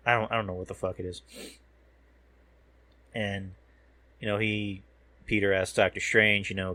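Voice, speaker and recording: A man's voice: fairly low pitch, level tone, normal speed, pauses often, sharp tone. A man hosting a podcast, casually recapping a film trailer while watching a show, rambling and swearing, often losing his words. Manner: rambling, profane, loses words mid-sentence. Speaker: podcast host.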